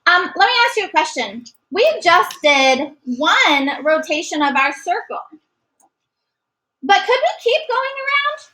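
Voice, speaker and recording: A woman's voice: very high voice, big pitch swings, measured pace, sharp tone, rough recording. A woman teaching a math lesson to a class, encouraging and sometimes singing short note patterns. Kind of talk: classroom lecture.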